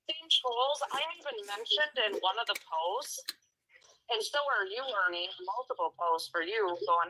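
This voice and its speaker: A woman talking casually on a livestream, animated and defensive, swearing freely. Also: medium pitch, moderate pace, a little hiss or hum, poor audio. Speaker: livestream guest.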